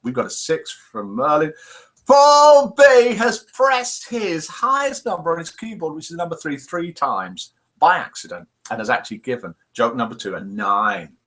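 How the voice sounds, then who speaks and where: Male host, playful and chatty, animated and bright, slightly high voice. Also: normal speed. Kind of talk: live chat show, reading jokes.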